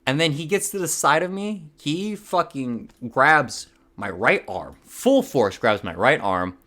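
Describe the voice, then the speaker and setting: A man's voice: on the high side, animated, unhurried, sharp tone. A young man from Hawaii telling a rambling story on his podcast. He swears a lot, laughs at himself and his voice cracks now and then. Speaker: podcast host. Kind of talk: casual storytelling.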